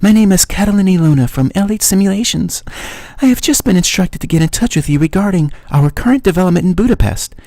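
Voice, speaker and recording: Brief: man playing an Eastern European woman caller, high, sultry, formal and polite. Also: animated, fast talker, warm tone, dry recording, studio quality. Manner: polite, formal phone manner.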